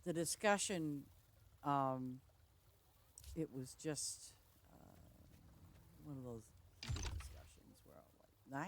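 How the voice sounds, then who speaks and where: A woman with an extremely low-pitched voice speaks slowly, leaving long pauses, with a little hiss or hum in the audio. She's a game streamer chatting casually while playing a farming game, rambling through stories, laughing frequently, and interrupting herself with restarts.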